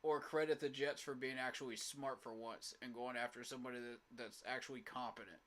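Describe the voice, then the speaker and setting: A man's voice: mid-range voice, fairly even intonation, brisk, a bit bright. A young man, ranting in exasperation about his football team while live-streaming a sports reaction. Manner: exasperated, emphatic, repetitive ranting. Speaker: fan streamer.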